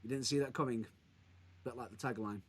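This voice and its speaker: A man co-hosting a casual podcast chat, retelling events in an excitable, animated way. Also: medium pitch, brisk, slightly rough. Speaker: podcast co-host.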